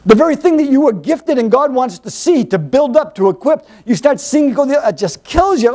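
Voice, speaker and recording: A man with a very high voice delivering a sermon. His pitch swings widely as he teaches, and he drives each point home with rhetorical questions and repetition. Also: expressive, normal speed, few pauses, a little mellow. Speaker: Bible teacher.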